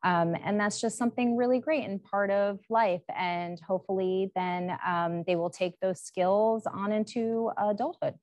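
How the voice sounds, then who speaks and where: A woman guest talks slowly and thoughtfully, pausing with little fillers. Her voice sits mid-range and sounds dry and close. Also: medium pitch, darkish tone, no echo. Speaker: interview guest. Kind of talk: casual interview chat.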